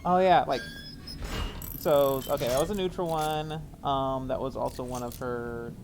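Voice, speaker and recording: A man's voice: mid-range voice, unhurried, background noise. A man streaming a game, reading in-game texts aloud and stumbling, correcting himself as he goes. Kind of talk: casual game stream commentary.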